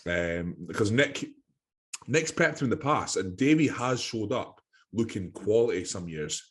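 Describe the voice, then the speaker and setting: A man's voice: on the low side, lively intonation, unhurried. A Scottish man co-hosting a podcast, chatting casually, swearing and saying "mate" and "aye". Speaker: podcast co-host. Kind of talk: casual chat.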